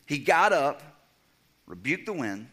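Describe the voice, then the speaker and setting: A young adult man preaching a sermon, swinging from loud, emphatic stretches down to a hushed near-whisper. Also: a little high, sing-song, slow. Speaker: pastor.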